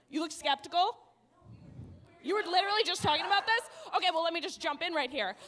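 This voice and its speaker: A woman's voice: extremely high pitch, fast talker, pushed and bright. A woman doing a stand-up comedy set on a comedy club stage, brash and profane, laughing at her own jokes.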